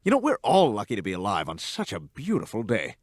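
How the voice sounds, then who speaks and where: A man's voice: on the low side, wildly swooping pitch, quick pace, no echo, clean studio sound. An actor voicing a bumbling, cheerful male cartoon doctor who delivers absurd lines casually. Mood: breezy. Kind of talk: cartoon voice acting.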